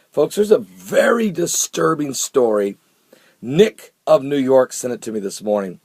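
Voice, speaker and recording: Brief: man, casual vlogger, a little tired, husky, dry close sound. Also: mid-range voice, big pitch swings, unhurried, a little mellow, no echo. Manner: chatty, exclaims in disbelief, repeats himself. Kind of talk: casual video blog commentary.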